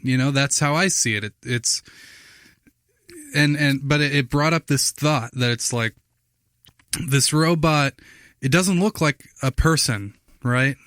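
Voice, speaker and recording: A man's voice: medium pitch, measured pace, long pauses, a bit bright, dry recording, clean studio sound. A man co-hosting a podcast in casual chat, rambling as he explains, with many restarts. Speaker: podcast co-host.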